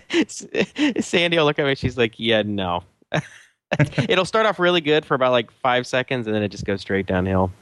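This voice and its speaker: A man co-hosting a podcast, talking in a thoughtful, halting way with many restarts. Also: mid-range voice, a bit bright, smooth, no room sound, clean studio sound. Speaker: podcast co-host. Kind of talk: casual chat.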